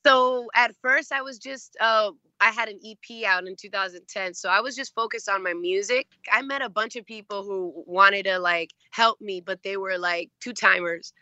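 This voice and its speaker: Chatty actress lady telling stories, bright voice, kinda dull dry recording. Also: medium pitch, normal speed, hardly any pauses, no room sound. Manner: chatty, many fillers, acts out quoted voices. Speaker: actress guest. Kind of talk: casual interview storytelling.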